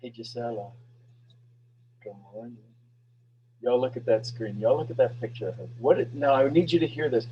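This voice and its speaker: A man hosting a live motivational talk, energetic and preachy, repeating questions and swinging between loud bursts and hushed lines. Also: medium pitch, quick pace, hardly any pauses, lo-fi sound, a little hiss or hum. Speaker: host of a motivational talk show.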